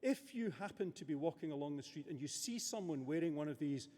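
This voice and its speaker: A middle-aged man presiding over a graduation ceremony, giving a formal speech with measured, hesitant delivery and many filler words, in a large abbey hall. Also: fairly high pitch, lively intonation, dark tone. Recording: long reverb of a large hall.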